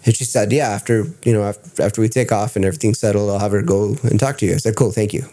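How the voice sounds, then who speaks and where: A man telling stories as a podcast guest in casual chat, excitable and swearing freely. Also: on the low side, quick pace. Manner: excitable, profane storyteller.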